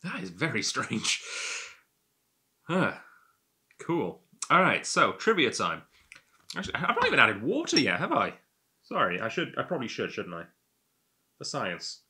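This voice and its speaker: A man's voice: mid-range voice, wildly swooping pitch, measured pace, pauses often, sharp tone, breathy edge. A man hosting a whisky tasting, chatting in a rambling, self-amused way as he sips and talks to the camera. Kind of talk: casual tasting monologue.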